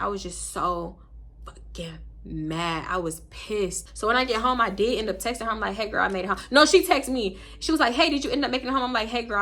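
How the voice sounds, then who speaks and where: A young woman from Houston, Texas, telling a casual storytime vlog in slangy, animated talk, often voicing other people in quotes. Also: medium pitch. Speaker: storytime vlogger.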